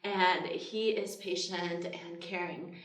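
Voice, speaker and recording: A woman's voice: fairly low pitch, fairly even intonation, slow, roomy sound, distant mic. A woman pastor talking reflectively in a casual chat, laughing now and then and using many fillers.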